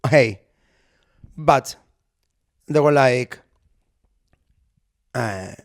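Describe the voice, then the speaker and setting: A man co-hosting a podcast, telling a comic story in casual chat, animated and swearing, acting out the people he quotes. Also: mid-range voice, takes it slowly, long pauses. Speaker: podcast co-host. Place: podcast recording.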